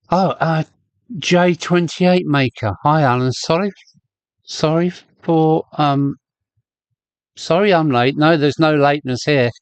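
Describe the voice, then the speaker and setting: Slow, chatty man hosting a live stream. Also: a little high, clear, resonant tone, no echo. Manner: chatty, rambling, greets viewers by name. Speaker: host of a model railway live stream. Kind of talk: casual live-stream chat. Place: home loft with a model railway layout.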